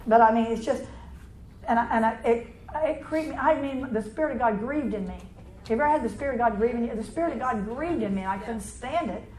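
Woman preacher, highish voice, rapid run-on sermon, echoey church room, faint ambience. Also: darkish tone. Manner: fast, run-on talk with restarts and throat clearing. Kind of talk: charismatic sermon.

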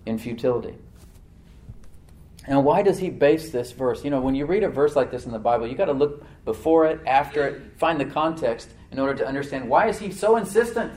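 In an echoey room, a man preaches as pastor of his church, brisk and lively in intonation. His conversational delivery includes repeated words and restarts, veering between forceful loud bursts and soft low asides.

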